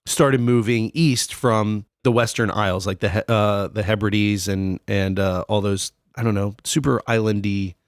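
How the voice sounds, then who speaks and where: A man's voice: fairly low pitch, fairly even intonation, measured pace, hardly any pauses, clean tone, dry recording, clean studio sound. A man co-hosting a casual podcast, explaining history in a loose, rambling way with many fillers. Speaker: podcast co-host.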